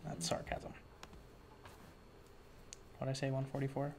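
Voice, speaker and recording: A man's voice: medium pitch, little pitch movement, unhurried, pauses often, a little hiss or hum. A man giving a casual screen-share web tutorial, thinking aloud with offhand, dry sarcastic asides. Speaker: web developer teaching a tutorial.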